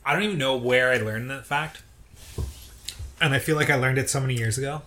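A man's voice: mid-range voice, brisk, sharp tone. A young man co-hosting a podcast, chatting casually in a loose, profane way. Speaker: podcast co-host. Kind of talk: casual chat. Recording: roomy echo.

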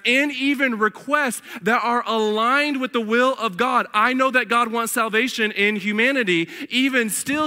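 Male pastor, high bright voice, emphatic sermon with casual slang asides, long church reverb. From northern United States. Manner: emphatic preaching, addresses the congregation as beloved and family. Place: church sanctuary.

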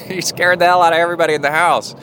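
A man's voice: fairly high pitch, level tone, fast, bright, forceful tone, a little hiss or hum. A man hosting a triathlon podcast, talking in a rambling, casual way with lots of fillers. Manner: rambling, chatty, many fillers. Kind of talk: casual spoken diary.

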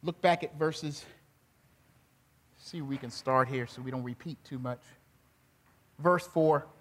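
A male pastor, preaching an animated sermon that swings from soft to loud and grows emotional. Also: mid-range voice, a little slow, a little hiss or hum. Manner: gets emotional and laughs while speaking.

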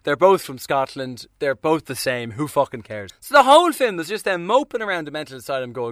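A man's voice: fairly high pitch, very animated, a little fast, hardly any pauses, a bit bright, no echo, clean studio sound. A young man giving a sarcastic, profane and rambling casual film review.

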